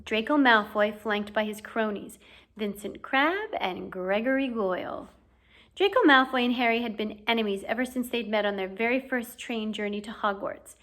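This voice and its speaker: A woman reads a novel aloud in audiobook style. Her narration is clear and steady, in a fairly high voice. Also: normal speed. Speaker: audiobook reader.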